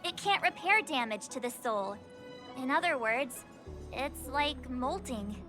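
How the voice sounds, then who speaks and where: An actress playing an eager, talkative young female sidekick in a video game, telling a story with lively energy. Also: high voice, unhurried, faint music behind, heavily acted. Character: bright, chatty young woman sidekick.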